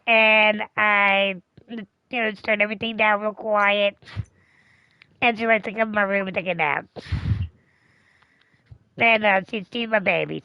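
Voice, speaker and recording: A woman streamer chatting casually, telling a rambling, profane, animated story. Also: medium pitch, clean tone, dry recording, highs cut off. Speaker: game streamer. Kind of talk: casual chat.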